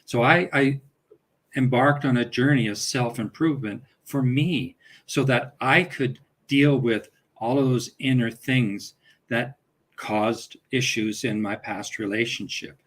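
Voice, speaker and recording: A middle-aged man, a guest family coach, speaking calmly and reflectively in a casual talk-show conversation. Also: medium pitch, unhurried, poor audio.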